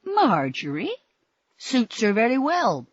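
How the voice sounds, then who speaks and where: A woman's voice: a little high, huge pitch swings, slow pace, slightly rough, no room sound, highs cut off, voice pushed up, exaggerated voice. A woman voicing a jovial, indulgent middle-aged male doctor. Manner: hearty, indulgent.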